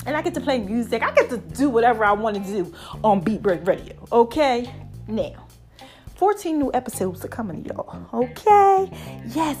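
Breathless high-voiced woman host. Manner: animated, preachy, hypes her shows, calls listeners y'all and baby. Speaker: podcast host. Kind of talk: casual monologue to listeners.

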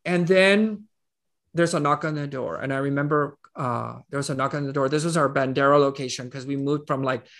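A man's voice: mid-range voice, a little fast, fairly bright tone. A man, a nonprofit CEO, telling a personal story as a guest in an earnest, conversational way, with frequent restarts. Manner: earnest, with many restarts and fillers.

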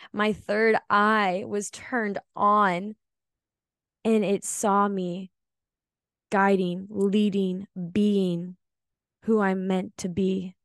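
A woman hosting a solo spiritual podcast, telling a personal story in an earnest, emotional and confessional way, often slow and reflective. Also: mid-range voice, no echo, clean studio sound. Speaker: podcast host.

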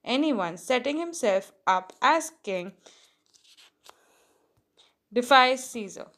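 A woman's voice: fairly high pitch, expressive, slow, a bit bright. A woman reading the part of an angry crowd of priests, raised and insistent. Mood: demanding.

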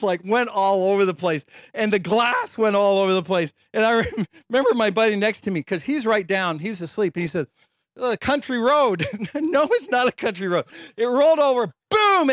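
A man preaching a sermon as a lively storyteller, acting out quoted voices and laughing as he tells a personal story. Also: very high-pitched, no room sound, studio quality. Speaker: pastor.

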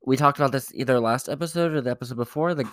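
A young man co-hosting a podcast, telling his dating stories in a blunt, profane, animated way. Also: mid-range voice, rapid-fire. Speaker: podcast co-host. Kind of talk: casual chat.

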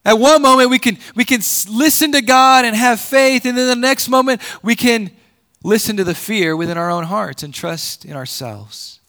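A man preaching a sermon, repeating words as he builds a point and swinging between loud emphatic peaks and low quiet drops. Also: animated, normal speed. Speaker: pastor.

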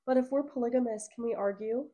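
A young woman in her twenties co-hosting a podcast, chiming in with quick reactions during casual chat. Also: a little high, mellow. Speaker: podcast co-host.

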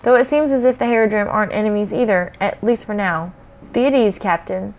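A woman reading the lines of a grave, elegant male elf warrior in a measured manner. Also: mid-range voice, dull audio, close to an everyday voice.

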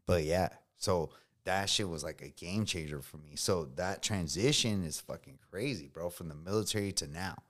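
A man's voice: sits low, moderate pace. A man telling his story candidly in casual conversation, with a profane, slangy and emphatic way of talking. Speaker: combat veteran guest.

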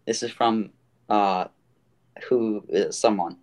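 A man's voice: lowish voice, steady tone, slow pace, darkish tone. A man hosting a casual podcast, rambling with many fillers. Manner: rambling, full of fillers and restarts. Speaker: podcast host.

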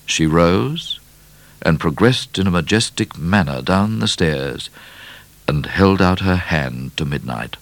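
A man reading a children's storybook aloud in an expressive, measured way. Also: low-pitched, no room sound. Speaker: narrator.

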